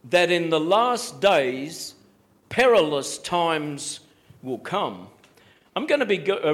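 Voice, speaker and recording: Male pastor, sermon, high-pitched voice, emphatic, repeats phrases, slow scripture quotes.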